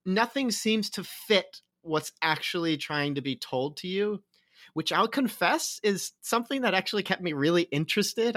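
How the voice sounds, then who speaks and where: Brief: male co-host, bright forceful tone, dry close sound, rambling and chuckling through a film recap. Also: on the high side, no echo. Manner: rambling, laughs often, self-correcting. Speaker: podcast co-host. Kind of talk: casual movie review chat.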